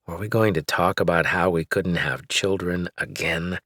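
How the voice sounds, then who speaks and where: A man narrating a novel in the first person, measured and wry. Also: low voice, steady tone, pushed and bright, no echo, clean studio sound. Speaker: audiobook narrator.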